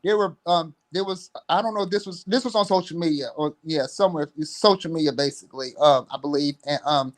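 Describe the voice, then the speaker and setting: A man's voice: a little high, brisk, hardly any pauses. Hesitant young man on a livestream. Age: young adult. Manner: hesitant, many fillers and restarts. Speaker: guest. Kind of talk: casual livestream chat.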